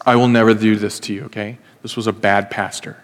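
A man's voice: on the low side, level tone, brisk, slight background noise. A man preaching a casual, story-driven sermon as pastor, acting out the voices of the people in his stories. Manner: conversational storytelling, acts out quoted voices. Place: church hall. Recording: long reverb in a hall.

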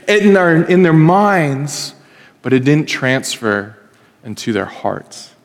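Animated preacher in an echoing church hall. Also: male voice, fairly high pitch, slow. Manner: conversational storytelling, acts out quoted voices. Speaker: pastor. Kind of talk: sermon. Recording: long reverb in a hall.

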